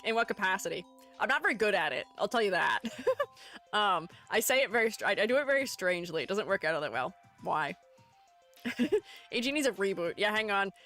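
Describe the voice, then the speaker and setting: A woman streamer with a mid-range, sharp-toned voice chats casually on a live stream while critiquing art. She rambles, giggles at herself, and keeps putting herself down.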